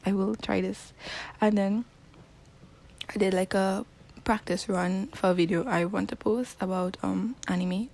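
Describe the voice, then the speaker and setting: Chatty young woman, gravelly phone-mic podcast. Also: medium pitch, fairly even intonation, moderate pace, darkish tone. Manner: chatty, self-deprecating, drops into whispers for asides. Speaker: podcast host. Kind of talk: casual rambling monologue. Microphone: phone in a sock.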